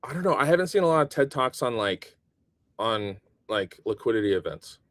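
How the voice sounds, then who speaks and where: A man as a guest in a casual interview, relaxed and thinking aloud with plenty of ums. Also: mid-range voice, fairly quick.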